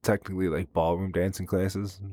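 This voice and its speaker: A podcast co-host with a somewhat low voice, recorded dry and close. He teases his partner, laughs easily, and often leaves sentences half-finished. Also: level tone, normal speed, mellow, no echo. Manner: laughs often, teasing, trails off mid-sentence. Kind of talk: casual chat.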